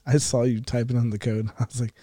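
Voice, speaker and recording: A man's voice: medium pitch, level tone, dark tone, no echo, clean studio sound. A young man in casual chat who laughs often and repeats himself as he talks. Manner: laughing, halting and repetitive.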